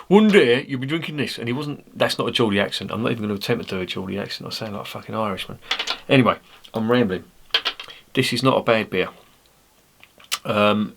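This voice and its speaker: A man's voice: lowish voice, fairly bright tone. A man, giving a casual, rambling, sweary beer review monologue. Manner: rambling, sweary, blunt banter.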